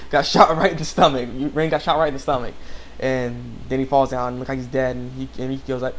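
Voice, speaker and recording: A man's voice: medium pitch, steady tone, fairly quick. A young man casually recapping an anime episode, rambling with many restarts and fillers. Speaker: anime reviewer.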